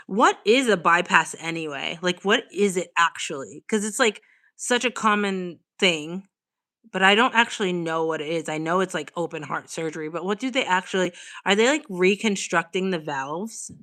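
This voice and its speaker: A woman's voice: lowish voice, pushed and bright. A young woman from Australia, chatting casually on a live stream at home and reading out viewers' comments. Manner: chatty, reads out viewer comments, talks to her cat. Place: home living room.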